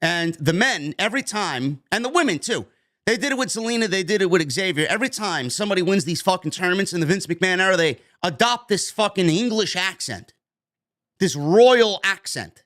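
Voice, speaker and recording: A man with a rather high voice rants about the news as a podcast host. He is emphatic and blunt and swears without holding back. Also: expressive, brisk, bright, forceful tone. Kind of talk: opinionated news rant.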